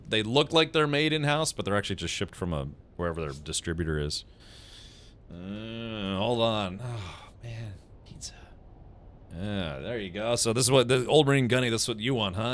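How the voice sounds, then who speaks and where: A man's voice: lowish voice, a bit bright. Rambling, laughing man streaming a game. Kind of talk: casual gaming stream chat.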